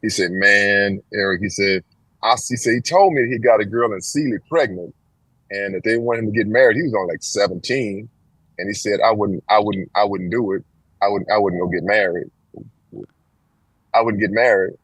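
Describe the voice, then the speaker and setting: Talking at normal speed in a husky voice, a sixty-something Texan shares a long story from his life as an interview guest, lively throughout and acting out quoted voices with big pitch leaps. It's a dry, rough recording.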